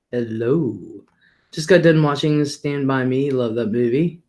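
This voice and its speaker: A man's voice: mid-range voice, measured pace, a little mellow. A middle-aged man hosting a livestream, talking casually and rambling about his day, often laughing and swearing offhandedly. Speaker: livestream host.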